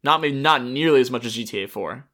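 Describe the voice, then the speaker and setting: A man co-hosting a podcast, chatting casually and thinking aloud in loose, relaxed phrasing. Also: medium pitch, fast. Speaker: podcast co-host. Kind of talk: casual chat about video games.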